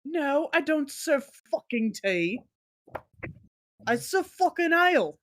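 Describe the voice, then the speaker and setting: A woman's voice: high-pitched, very animated, takes it slowly, pitched above the performer's own voice, heavily acted. A woman voicing a foul-mouthed male tavern keeper who speaks curtly, his accent drifting between British and New Jersey. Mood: gruff.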